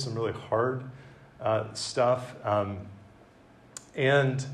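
A man giving a conversational sermon to a campus group, with self-deprecating humor and a relaxed, chatty delivery. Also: mid-range voice. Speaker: campus ministry speaker. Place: meeting room with an audience.

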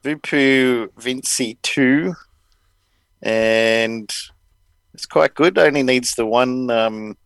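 A man's voice: mid-range voice, extremely slow, a bit bright, clear, resonant tone, dry recording, low-quality recording. A man hosting a podcast, chatting casually and rambling with many fillers. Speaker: podcast host. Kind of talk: casual chat.

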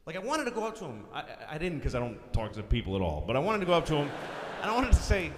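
A man's voice: fairly high pitch, wildly swooping pitch, very fast, slight background noise. Crude, exasperated man doing stand-up. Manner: crude, exasperated storytelling with sudden loud outbursts. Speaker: stand-up comedian. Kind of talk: stand-up comedy set. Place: large concert hall with live audience. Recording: live concert hall recording, long reverb, faint crowd.

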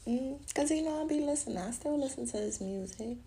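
A woman's voice: high-pitched, expressive, a little fast, warm tone. A woman hosting a podcast, talking alone in a rambling, profane, casual way and laughing often. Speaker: podcast host. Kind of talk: casual solo chat.

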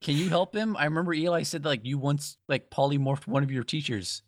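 A player at a tabletop game, animated and laughing in casual talk. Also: mid-range voice, a little fast, no echo, studio quality.

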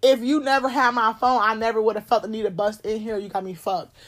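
A woman, telling a personal story in a blunt, animated way, swearing and laughing often. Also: fairly high pitch, quick pace. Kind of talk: casual storytime chat.

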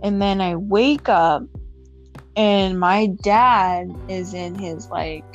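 A woman's voice: medium pitch, highs cut off, faint music behind. Young woman telling a personal story. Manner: emotional, halting, many fillers and restarts.

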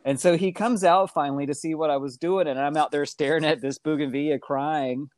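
A middle-aged man telling his life story in casual conversation, animated and acting out the voices he quotes. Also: fairly quick, no room sound. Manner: animated, acts out quoted voices with big pitch jumps.

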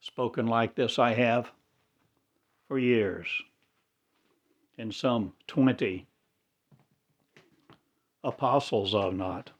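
A man's voice: mid-range voice, very slow, pauses often. A man delivering a rambling religious monologue in cryptic, incantatory, broken phrases. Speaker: self-styled religious speaker.

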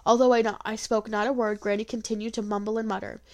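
Reading a first-person folk tale aloud, a woman with a mid-range voice talks fast and expressively, making small slips and restarts.

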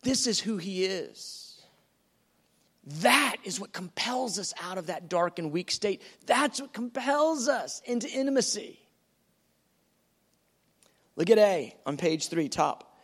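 A man preaching a teaching sermon in an animated, conversational way, acting out quotes as he goes. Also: high-pitched, takes it slowly, long pauses, slightly rough.

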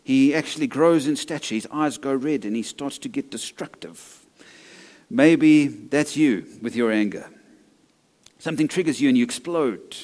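A man's voice: mid-range voice, moderate pace, darkish tone. A male pastor preaching a sermon in an empty church, conversational and laced with jokes and anecdotes.

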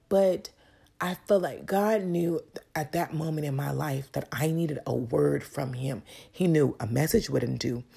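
A woman's voice: sits low, vocal fry, dark tone, slightly rough. A woman giving an earnest, emotional faith testimony straight to her viewers. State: tearful at times. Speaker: vlogger sharing a testimony.

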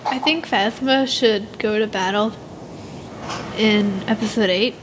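A teenage girl chatting casually as a podcast co-host, rambling and giggly, telling animated stories. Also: medium pitch, slow pace, background noise. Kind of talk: casual fan chat.

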